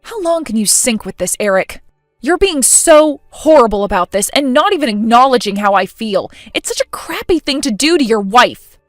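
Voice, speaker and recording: A woman's voice: on the high side, very animated, moderate pace, dry recording, clean studio sound, faint music behind. A woman playing an indignant, hurt young bride who speaks in an exasperated way. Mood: furious.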